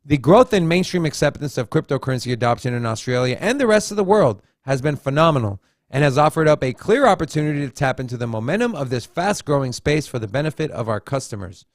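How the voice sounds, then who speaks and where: A man co-hosts a casual crypto news show, reading headlines aloud and following them with joking asides in an easygoing news read-through. His medium-pitched voice swings widely in pitch and moves fast, recorded in a clean studio with no echo.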